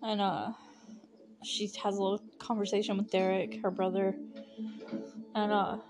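Woman podcast host, young adult, mid-pitched, loose and chatty, laughs often, casual recap delivery. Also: flat delivery, moderate pace, loud music behind the voice. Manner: chatty, lots of fillers and frequent laughter.

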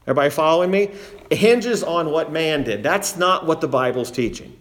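A man delivers a sermon from the pulpit in an earnest teaching manner. His voice sits a little higher than most men's. He often repeats a phrase to drive the point home. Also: animated, a little fast, a bit bright. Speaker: preacher.

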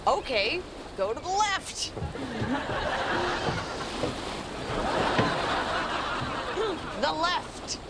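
A woman's voice: high voice, very animated, slow pace, heavy background noise, heavily acted. An actress playing an impatient young woman teaching a friend to sail, scolding and exasperated. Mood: coaxing. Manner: exasperated, scolding, talks herself into panic. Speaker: sailing teacher. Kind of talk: sitcom acting.

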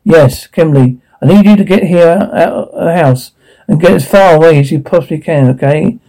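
A man's voice: a little high, normal speed, warm tone, rough recording. A man voicing an urgent, insistent police dispatcher speaking to a caller.

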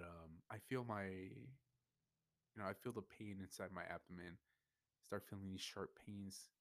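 A young man pours out his feelings in a rambling podcast monologue, swearing and tripping over his own restarts. His voice sits low. The sound is dry and close, with no room echo. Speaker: podcast host. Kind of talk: personal venting monologue.

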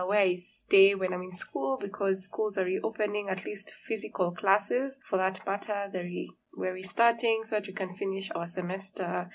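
A young woman hosting her podcast in casual chat, a little hoarse and tired, laughing often, in an echoey room with a high ceiling. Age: young adult. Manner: relaxed, chatty, laughs often. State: hoarse morning voice. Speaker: podcast host. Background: noisy fridge.

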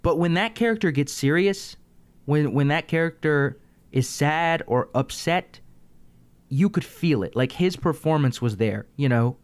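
A man hosting a casual chat, talking in an animated way and working through examples. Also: on the high side, a little slow, clean tone.

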